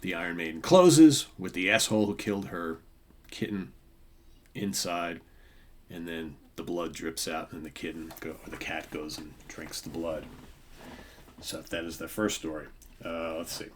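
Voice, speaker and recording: A man's voice: low-pitched, a little hiss or hum. A man in his fifties hosting a comic book show, rambling casually with lots of fillers and asides. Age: 50s. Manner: rambling, filler-heavy, with many asides and tag questions. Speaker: comic book podcast host. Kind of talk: casual show-and-tell commentary.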